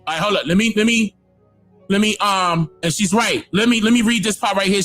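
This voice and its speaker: A man hosting a reaction video, excitedly commenting, exclaiming and shouting, often repeating himself. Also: high-pitched, a little fast, soft background music.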